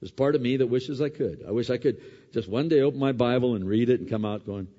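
A male pastor preaching a conversational sermon, swinging from emphatic peaks to soft, quiet asides. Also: medium pitch, fast talker. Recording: dull lo-fi sound with long hall reverb.

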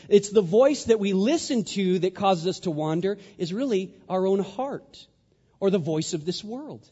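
A man giving a sermon, telling a story with lively acted-out voices. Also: on the high side, husky. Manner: animated storyteller, acts out voices. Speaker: pastor. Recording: dull sound in a reverberant hall.

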